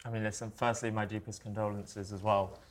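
A man's voice: fairly low pitch, little pitch movement, a little fast. Earnest young male activist. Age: young adult. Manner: earnest, insistent. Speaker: climate protester guest. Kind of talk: debate.

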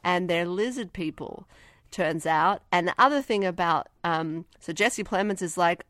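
Woman with a lowish voice riffing sarcastically on a movie, dry close sound. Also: unhurried, fairly bright tone, dry recording. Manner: sarcastic, swears, acts out characters in silly voices. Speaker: podcast co-host. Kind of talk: casual movie review chat.

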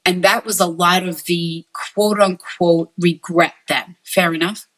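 Earnest low-voiced woman giving a reading. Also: fairly even intonation, unhurried, a bit bright, poor audio. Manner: earnest, repetitive, relays messages in quotes. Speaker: psychic medium. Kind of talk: spirit reading for sitters.

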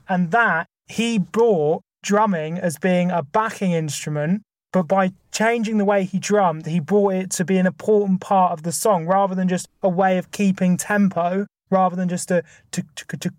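A man's voice: sits high, dry recording, studio quality. A man co-hosting a podcast, making his case point by point in casual, filler-heavy chat. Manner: enthusiastic, argues point by point with many fillers. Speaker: podcast co-host.

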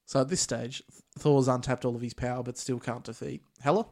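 Podcast host, man, mid-pitched, easygoing recap delivery. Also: brisk. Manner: recaps plot in a relaxed, chatty way with Australian slang. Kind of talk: casual movie recap chat.

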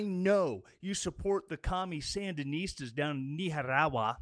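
A man's voice: fairly high pitch, moderate pace, few pauses, a bit bright, no room sound, studio quality. A man giving an angry, sarcastic political rant as a commentator. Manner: sarcastic and combative.

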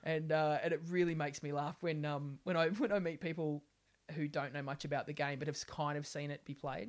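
A woman's voice: low voice, steady tone, a little fast. An Australian woman in her forties, a podcast guest telling brash comic stories, laughing and swearing freely. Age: 40s. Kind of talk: comedic storytelling in a podcast interview.

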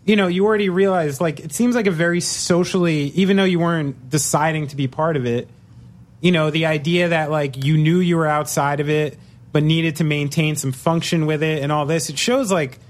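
Male podcast host, curious, probing, chatty, slightly high voice. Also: a little fast. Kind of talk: casual podcast interview.

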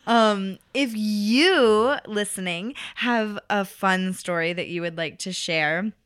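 A woman hosting a podcast who speaks slowly and deliberately. She affirms her guest and weighs her words before she adds anything. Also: mid-range voice, a bit bright, clear, resonant tone. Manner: affirming, careful listener. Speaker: podcast host. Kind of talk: casual podcast chat.

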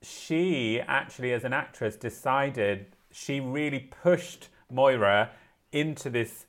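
Effusive man, mid-pitched voice. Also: takes it slowly. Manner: effusive, excitable, gushing. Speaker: podcast co-host. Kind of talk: casual chat.

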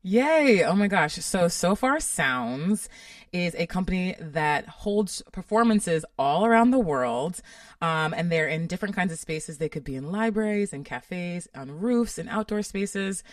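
A woman's voice: fairly low pitch, animated, measured pace, dry recording, studio quality, distant mic. A woman co-hosting a podcast in casual chat, bubbly and enthusiastic. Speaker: podcast co-host.

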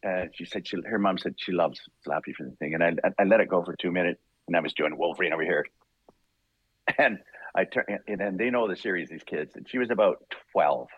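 A male voice actor being interviewed, telling animated, rambling stories and laughing often. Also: low voice, brisk, slightly rough, no echo, highs cut off. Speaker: voice actor guest. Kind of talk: casual interview storytelling.

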